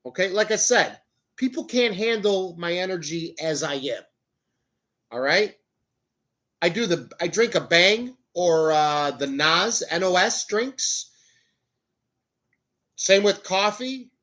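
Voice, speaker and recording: Male motivational podcast host, loud and hyped, profane, jokey, speaking to camera indoors. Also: lively intonation, slow pace, pauses often. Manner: loud, high-energy, swearing, jokey. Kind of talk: motivational casual talk.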